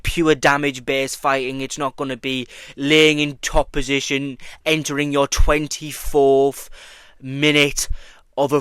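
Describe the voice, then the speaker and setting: A young man gives a casual reaction vlog in a fairly high, clear voice. He is profane and mocking and gets worked up as he goes. The sound is dry and up close, with no room behind it. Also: bright, forceful tone, no echo. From Britain. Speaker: YouTuber commentating on combat sports.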